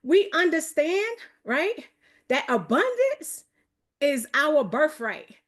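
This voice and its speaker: High-pitched, upbeat New York woman. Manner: energetic, hype-building, fast, calls out to the audience. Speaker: host of a motivational accountability call. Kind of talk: live online motivational coaching.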